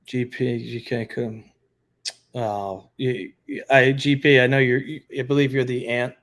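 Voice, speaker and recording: A retired law enforcement officer hosts a casual livestream, talking offhandedly to viewers in the chat like a retired cop thinking out loud. His delivery is blunt and conversational at a measured pace, with an ordinary mid-range pitch that barely moves.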